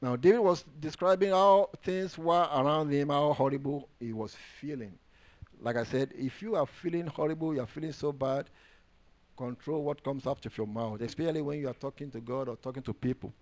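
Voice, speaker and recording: A man preaching a sermon, quoting and reading scripture, moving between hushed low asides and loud raised declarations and drawing out words for stress. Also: fairly quick.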